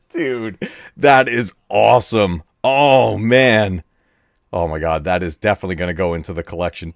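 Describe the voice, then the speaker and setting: Gaming streamer, male, lively delivery, dry close-miked sound, chatty and excitable. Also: mid-range voice, dry recording. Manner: excitable, laughs often, talks to chat. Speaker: gaming channel host. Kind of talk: casual live-stream chat. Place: home room.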